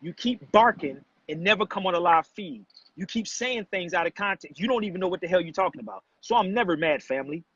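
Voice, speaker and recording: Male streamer, high pitch, confrontational and preachy, dull lo-fi sound. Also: expressive, fairly quick, hardly any pauses, fairly bright tone, husky, no echo. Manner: preachy, confrontational, addresses chat as family. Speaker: livestream host. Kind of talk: casual livestream talk to viewers. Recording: dull, muffled lo-fi livestream audio.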